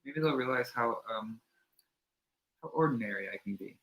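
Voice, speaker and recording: A man's voice: mid-range voice, normal speed, a bit bright, poor audio. A man talking as a guest on a casual livestream, with a mid-range voice for a man. He jokes in a dry, laid-back way. A little guitar music is faintly audible behind him. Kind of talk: casual chat.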